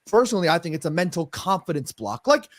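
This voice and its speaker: A brash man with a new york accent, high voice, rattles it off fast, swears a lot on a football panel chat. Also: dry recording, clean studio sound. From New York City. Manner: animated, brash, swears freely.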